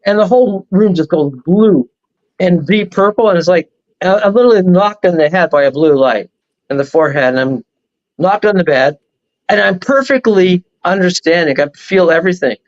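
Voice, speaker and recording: A man speaking as a show guest, telling a long personal story in a rambling, animated way. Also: sits high, moderate pace, lo-fi sound. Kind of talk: casual storytelling on a talk show.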